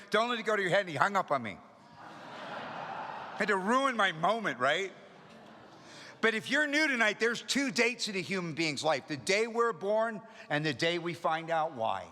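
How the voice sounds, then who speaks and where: A man's voice: high voice, pushed and bright. A middle-aged man speaking at a recovery meeting, telling his story with energy and humor. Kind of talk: storytelling talk to an audience. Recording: long reverb of a hall.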